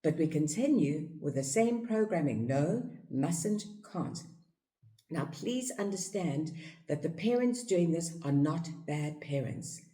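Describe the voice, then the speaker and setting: A woman with a South African accent giving a reflective teaching talk on life outlook, repeating phrases for emphasis. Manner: acts out parents' voices in a high, excited tone. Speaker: yoga teacher and speaker.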